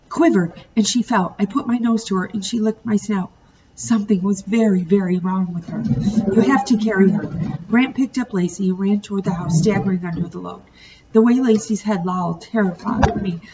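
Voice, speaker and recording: A woman teacher reading a novel aloud to her students, pausing to ask the class questions. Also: mid-range voice. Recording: distant muffled home recording, faint hiss.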